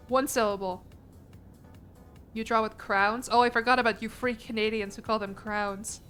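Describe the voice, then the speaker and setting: A young American woman chatting casually on a stream, animated and quick to laugh as she answers her chat. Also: a little high, soft background music. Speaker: vtuber streamer.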